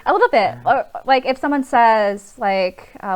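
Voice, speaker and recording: A woman's voice: fairly high pitch, animated, normal speed, clear, resonant tone. A woman from California, a guest on a podcast, chatting casually with frequent fillers and light laughs. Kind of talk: casual chat.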